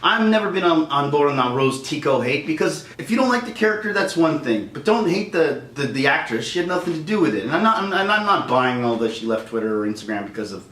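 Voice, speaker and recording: Heated, animated man ranting. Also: a little high, fast talker, hardly any pauses. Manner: heated, animated, acts out voices. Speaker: vlogger. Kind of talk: angry rant. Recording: roomy echo, distant mic, faint noise.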